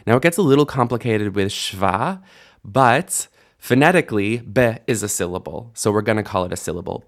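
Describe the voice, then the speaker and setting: Speaking into a desk microphone, a man with a fairly low voice teaches a recorded Hebrew lesson. He patiently explains grammar, sounds out syllables slowly and drops in relaxed, joking asides.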